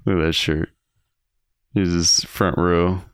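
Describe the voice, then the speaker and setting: A man's voice: sits low, level tone, takes it slowly, smooth, no room sound, studio quality. A middle-aged man co-hosting a casual chat, telling jokey school stories in a laid-back way. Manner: laid-back, joking storyteller. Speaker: podcast co-host.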